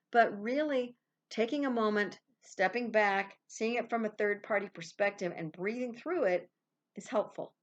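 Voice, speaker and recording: A woman's voice: mid-range voice, muffled recording. Woman giving a chatty self-help talk. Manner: animated, laughs often, acts out little quoted exchanges. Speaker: podcast host.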